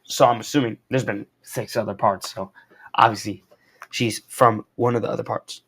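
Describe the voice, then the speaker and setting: A young man recapping and reviewing a comic book in a casual, slangy, excitable way, wearing a corded mic as he moves around. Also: lowish voice, normal speed, husky. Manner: slangy and excitable, lots of "bro" and "like". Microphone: wearing a corded mic while walking around.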